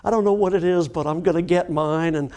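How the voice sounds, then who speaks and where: Middle-aged guy telling a recovery story, kinda high voice, acts out the talking bits, jokes at himself. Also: brisk. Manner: animated storyteller who acts out dialogue; self-mocking, humorous. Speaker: addiction recovery doctor giving a talk. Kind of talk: personal storytelling in a recovery webcast.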